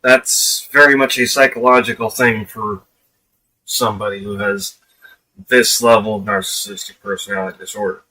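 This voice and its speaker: A man's voice: lowish voice, steady tone, moderate pace, bright, forceful tone, poor audio. A man live streaming his reactions to a clip, talking bluntly and scornfully, with profanity. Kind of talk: casual reaction commentary.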